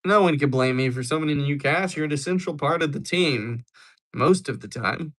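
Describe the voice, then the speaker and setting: A man's voice: fairly high pitch, moderate pace, fairly bright tone. Young man joking with his stream chat. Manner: joking, rambling replies to chat. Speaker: livestream host. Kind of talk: casual chat with viewers.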